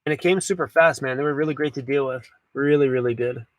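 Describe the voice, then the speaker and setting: A man's voice: medium pitch, fast talker, dry recording. A man hosting a casual van life livestream, chatty and laid-back, swearing now and then. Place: inside a camper van.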